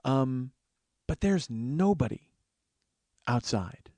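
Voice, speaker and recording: A man in his forties recounts a story alone at the mic, wry and full of swearing. His voice sits at an ordinary middle pitch, and the sound is close and dry, with no room around it. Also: lively intonation, takes it slowly, a little mellow, no room sound. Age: 40s. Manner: profane, wry, acts out other people's voices. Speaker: podcast host. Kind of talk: solo storytelling monologue.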